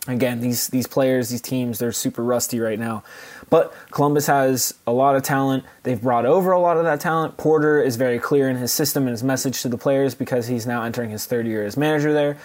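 Male podcast co-host, middle pitch, hedging casual chat. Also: steady tone, fairly quick, darkish tone. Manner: hedging, lots of "um" and "you know".

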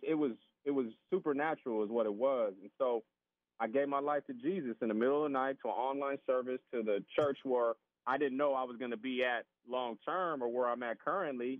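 A man telling a casual, animated story as a podcast guest, acting out the voices of other people and often repeating his words. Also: medium pitch, a little fast, no echo. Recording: tinny phone-line sound.

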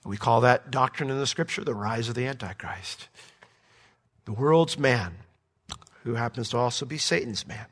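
A middle-aged man teaching through a Bible book as pastor, swinging from soft asides to emphatic points. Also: medium pitch, normal speed.

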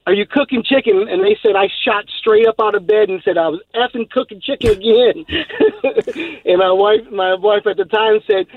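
A high-voiced man from Texas, expressive and with some vocal fry, calls into a radio show at a normal pace. His long story rambles along with laughter and lots of fillers. The sound is a tinny, dry phone line.

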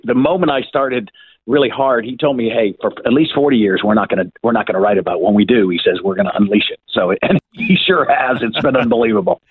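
A man's voice: medium pitch, husky, dry recording. Chatty man on a tinny line. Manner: chatty, repeats words, retells calls in quoted voices. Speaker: author and guest. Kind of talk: casual storytelling interview. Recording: tinny phone-line sound.

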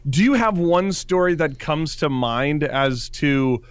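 A man joining a podcast as a guest correspondent, chatting in an animated, joking way. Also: on the high side, slow pace, clear, resonant tone, dry recording. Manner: animated, jokey, slips into silly voices. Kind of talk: casual chat.

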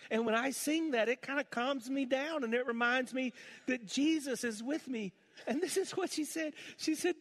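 A man's voice: extremely high pitch, normal speed. A middle-aged man preaching a sermon, telling a family story and building to impassioned preaching. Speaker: pastor. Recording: long church hall reverb.

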